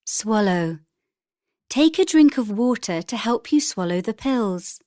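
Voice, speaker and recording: A woman reading vocabulary words and example sentences for a textbook in a clear, deliberate manner. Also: medium pitch, lively intonation, warm tone, dry recording, studio quality. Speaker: textbook audio reader.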